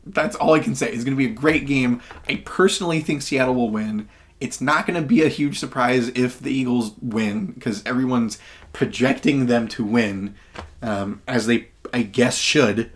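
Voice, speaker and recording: A man's voice: medium pitch, normal speed. A man co-hosting a podcast, arguing his football picks confidently and listing his points. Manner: confident, argumentative, lists points. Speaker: podcast co-host. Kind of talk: casual sports chat.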